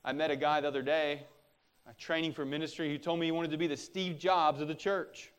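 A man's voice: fairly high pitch, flat delivery, brisk, smooth. A middle-aged man preaching a sermon as a pastor, earnest and exhorting, pressing harder on his warnings.

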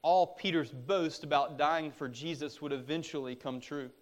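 A middle-aged man delivers a sermon from the pulpit. His voice sits a little high for a man. He speaks earnestly and exhorts his listeners, pressing harder when he warns them. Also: moderate pace. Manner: earnest, exhorting, with rising intensity on warnings. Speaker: pastor.

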